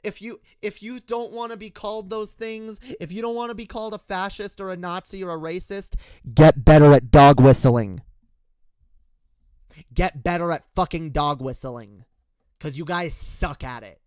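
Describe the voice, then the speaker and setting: Heated, profane man ranting high-voiced. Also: normal speed, a bit bright, clean tone, dry recording. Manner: profane, heated, lots of stammered restarts. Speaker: political commentator. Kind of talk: casual ranting commentary.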